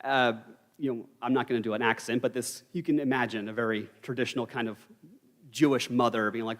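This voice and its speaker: A man's voice: medium pitch, fairly quick. A man leading an evening Bible study, teaching in a conversational way with wry asides and dry humor. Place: church hall. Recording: church live stream with long hall reverb.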